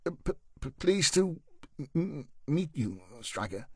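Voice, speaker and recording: A man voicing a nervous young male detective who speaks quietly with a cultured English accent and stammers. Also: fairly high pitch, animated, measured pace, slightly rough, no room sound, voice pushed up.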